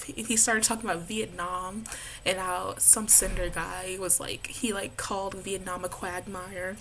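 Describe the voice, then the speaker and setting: A woman's voice: medium pitch, level tone, moderate pace, fairly bright tone, a little hiss or hum. A young woman in college chatting casually in a vlog, bubbly and giggly, with lots of "like" in her talk. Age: young adult. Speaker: college student vlogger.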